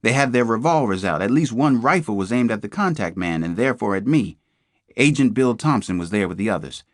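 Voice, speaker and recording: A man narrates a crime thriller in the first person, measured and tense. His voice sits low, and the read is close and dry. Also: animated, no room sound. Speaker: audiobook narrator.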